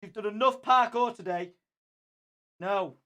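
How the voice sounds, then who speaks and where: A young man chatting casually on a stream, animated, swearing freely and laughing often. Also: sits high, unhurried.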